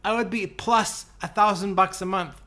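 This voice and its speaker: Bright, high-voiced emphatic man. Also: steady tone. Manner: emphatic, quick, joking asides. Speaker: podcast guest on income support. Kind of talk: podcast conversation.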